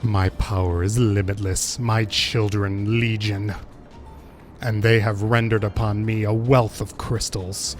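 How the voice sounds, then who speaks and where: A man reading the lines of a haughty, menacing female wind goddess from a video game, slow and grandiose. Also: lowish voice, level tone, faint music behind, voice pushed down.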